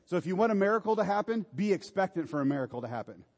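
A man's voice: high voice, big pitch swings, rapid-fire, big-room sound. A man preaching a sermon in an informal, exhorting way, urging his listeners on. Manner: informal, exhorting, repeats "come on".

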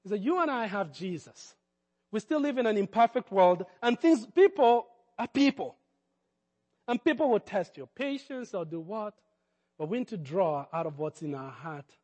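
Middle-aged guy preaching, high voice, long echo in a big church, goes from quiet asides to loud preaching. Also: lively intonation, moderate pace. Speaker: pastor. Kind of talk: sermon. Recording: long hall reverb.

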